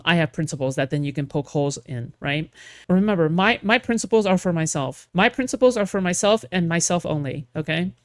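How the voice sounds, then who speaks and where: A woman's voice: sits low, no echo. A woman streaming, talking casually in a sarcastic, mocking way with rambling asides. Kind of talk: casual reaction stream chat.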